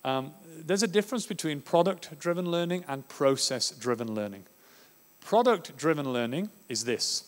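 A man from Australia giving a conference talk on education, animated and acting out classroom scenes. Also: on the high side, moderate pace. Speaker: education speaker. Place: conference hall. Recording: reverberant hall.

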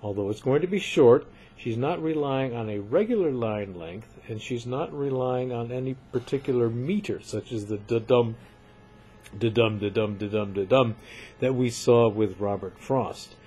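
A man giving a recorded literature lecture, measured and emphatic, often repeating points for his students. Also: medium pitch, mellow, slightly rough.

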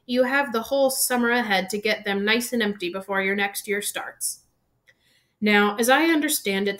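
A woman's voice: a little high, a bit bright. Dumbledore, a woman voicing a cheerful old headmaster. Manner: cheerful, measured announcing.

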